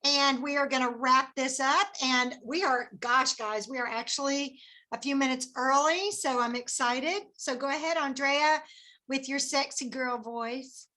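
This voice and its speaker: A woman's voice: high-pitched, fairly even intonation, a little slow, pushed and bright. A woman hosting a team call, effusive and full of praise. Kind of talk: motivational business call.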